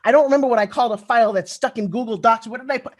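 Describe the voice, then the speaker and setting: A slightly high voice belongs to a middle-aged woman speaking very fast. She delivers stories in a chatty keynote at a conference, lively and talking directly to her audience.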